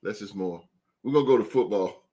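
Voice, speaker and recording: Loud, swearing male podcast host. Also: lowish voice, brisk. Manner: loud, swearing, animated and emphatic. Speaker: podcast host and youth basketball coach. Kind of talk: casual sports podcast chat.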